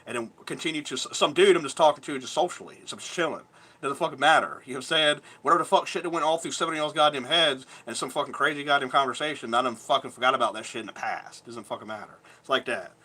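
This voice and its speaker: Brief: thirties guy vlogging, streetwise and cursing, bright edgy tone. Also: medium pitch, fast, breathy edge. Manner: rambling, profane, streetwise. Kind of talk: casual storytelling.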